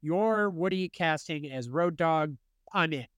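A male podcast co-host chats casually, animated and laughing often. His voice sits high, and the recording is dry and close. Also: unhurried, clean tone, no echo. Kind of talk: casual chat.

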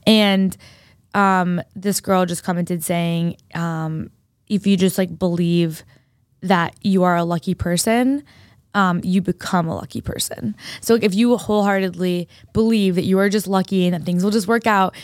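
A young woman co-hosting a podcast chats casually, telling a story heavily sprinkled with fillers in her mid-range voice. The recording is dry, with clean studio sound.

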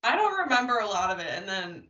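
A woman in her late twenties co-hosting a podcast, telling stories in a casual, animated way and swearing freely. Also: mid-range voice, fast, roomy sound, distant mic. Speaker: podcast co-host. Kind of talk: casual chat. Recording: dull lo-fi audio.

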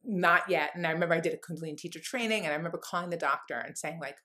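Earnest lower-voiced woman telling a story. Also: racing, bright, forceful tone. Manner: rambling, heavy use of "like" fillers; earnest, heartfelt. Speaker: interview guest. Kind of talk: candid personal storytelling.

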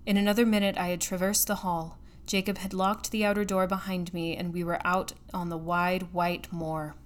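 A woman narrating a classic story in a steady, measured reading. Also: mid-range voice. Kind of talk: audiobook narration.

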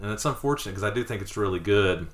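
A man's voice: on the low side, lively intonation, fast talker. A man co-hosting a casual board game review, talking with gushing enthusiasm. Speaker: podcast co-host.

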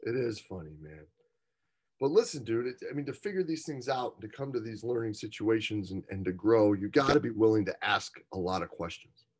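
An easygoing man with a somewhat low voice hosts a podcast. He talks in a loose, conversational way with a guest. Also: expressive, fairly quick. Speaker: podcast host.

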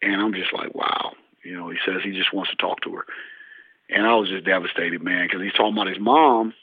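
A basketball coach in an interview, telling stories and acting out what people said. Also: male voice, low-pitched, fairly quick, dry recording. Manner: animated storyteller, acts out dialogue. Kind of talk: interview storytelling. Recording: husky, tinny phone-like line.

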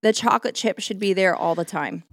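A woman co-hosting a podcast, telling a story as an animated, casual rant. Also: mid-range voice, a little fast, dry recording, studio quality. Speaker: podcast co-host.

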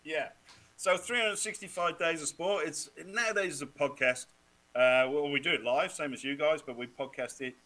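A man from Wales, a guest on a sports podcast, telling lively stories, swearing freely and laughing often. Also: fairly high pitch, normal speed, rough recording. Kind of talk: casual chat.

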